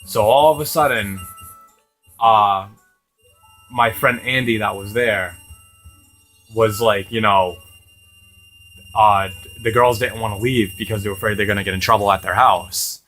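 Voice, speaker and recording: A man's voice: lowish voice, fairly even intonation, unhurried, pauses often, pushed and bright, faint music behind. A young man from Rhode Island, hosting a gaming channel, tells a long rambling story with lots of swearing and laughter. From Rhode Island, USA. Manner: rambling, profane, laughs often. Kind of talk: casual storytelling over gameplay.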